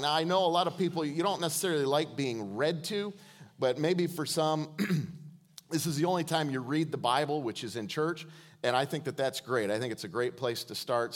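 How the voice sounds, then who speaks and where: Joking male preacher, slightly high voice. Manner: joking, calls on the congregation to respond. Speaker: guest preacher. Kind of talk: sermon. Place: church.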